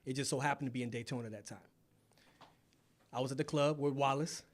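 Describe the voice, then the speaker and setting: A man's voice: mid-range voice, quick pace. Man telling laid-back stories. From Florida, USA. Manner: relaxed, laughing anecdotes. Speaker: guest. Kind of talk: casual storytelling.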